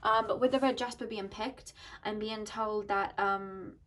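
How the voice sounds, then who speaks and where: A woman's voice: medium pitch, fairly even intonation, a little slow, a bit bright. A woman giving an intuitive tarot reading to her viewers, speaking earnestly and thinking aloud as she goes. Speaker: tarot card reader.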